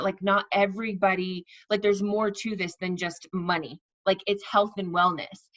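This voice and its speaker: Casting note: woman leading a sales team, chatty coaching, middle pitch, slightly dull lo-fi sound. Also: a bit bright. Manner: chatty, repeats herself, acts out sample messages. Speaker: network marketing team leader. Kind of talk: casual coaching talk to her team.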